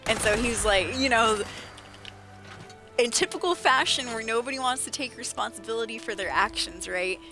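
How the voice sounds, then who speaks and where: A woman streamer chatting casually while playing a game, animated storyteller who laughs often. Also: on the high side, normal speed. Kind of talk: casual gameplay livestream chat. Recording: game music behind voice. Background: game music.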